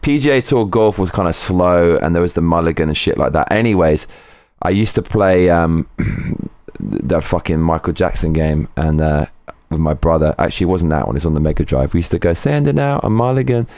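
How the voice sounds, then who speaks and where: A man's voice: low voice, normal speed, darkish tone, no room sound. A man streaming live from home, chatting casually, rambling and swearing as he goes. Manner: rambling, swearing, breaks into sung snatches. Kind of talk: casual livestream chat.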